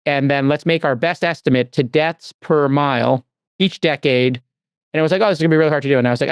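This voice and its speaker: A man hosting a podcast, telling rambling, animated stories in casual chat. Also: medium pitch, smooth, dry recording. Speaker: podcast host.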